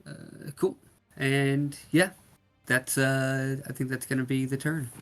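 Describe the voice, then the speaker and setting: Hesitant male player, very slow speech. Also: medium pitch, flat delivery, a bit bright, faint music behind. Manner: hesitant, many pauses. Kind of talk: casual tabletop play.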